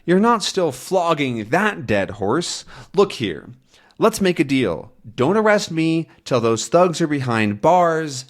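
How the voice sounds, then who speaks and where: A man's voice: on the high side, very animated, takes it slowly, voice pushed up. A man voicing an earnest young male comic-book reporter who pleads in a raised, urgent voice. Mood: indignant.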